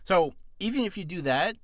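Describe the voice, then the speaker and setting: A man's voice: high voice, fairly bright tone, no room sound. Guy rambling thru voice care tips, jokey, keeps correcting himself, throat a bit ticklish, dry close mic. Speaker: voice actor giving advice. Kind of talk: casual spoken video lesson.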